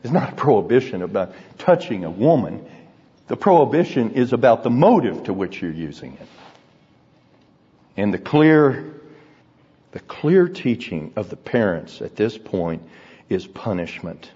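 Man, preacher, sermon, deliberate storytelling, husky voice, muffled lo-fi recording. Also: fairly low pitch, sing-song. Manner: earnest, deliberate storytelling that drops to hushed, grave tones. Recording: dull recording in a reverberant hall.

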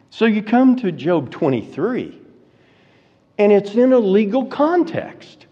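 A man preaching an expository sermon, slow and deliberate, rising to fervent emphasis. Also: sits high. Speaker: pastor. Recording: reverberant hall, dull lo-fi sound.

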